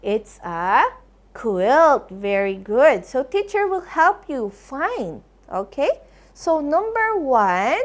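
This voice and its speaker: Slow, sing-song woman teaching phonics. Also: high voice, very animated. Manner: sounds out letters, warm coaxing praise. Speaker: kindergarten English teacher. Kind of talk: slow phonics lesson for young children.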